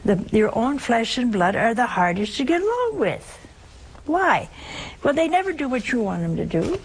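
A nun preaching a sermon in an earnest, storytelling way, asking rhetorical questions. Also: female voice, on the high side, sing-song, moderate pace, breathy edge, low-quality recording.

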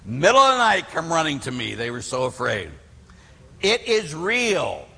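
A middle-aged man from Pittsburgh preaches as a priest, his voice husky yet bright and rather high. He tells his stories with lively energy and plenty of fillers. His words ring out with the long reverb of a church hall. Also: unhurried. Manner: animated storyteller acting out quotes, many fillers. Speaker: Catholic priest. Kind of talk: storytelling sermon.

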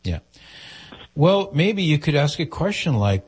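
A man's voice: on the high side, sing-song, a little slow, pauses often, darkish tone, husky. A man hosting a call-in advice show, speaking directly and earnestly and posing questions to the caller. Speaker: radio advice host.

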